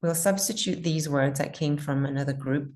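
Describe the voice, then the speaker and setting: A woman teaching pronunciation in an online class, patiently modeling words slowly and repeating them. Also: low-pitched, a little mellow.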